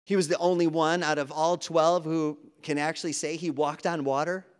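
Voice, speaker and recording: A man gives an earnest sermon in a conversational style, voicing quoted dialogue as he goes. His fairly high voice is smooth, and his delivery is flat at a normal speed. The church sanctuary adds long, hall-like reverb.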